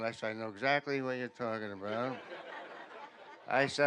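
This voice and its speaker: A man doing a stand-up comedy set in a veterans' hall, telling deadpan stories that build louder toward each punchline. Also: mid-range voice, normal speed, pauses often. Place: veterans' hall function room.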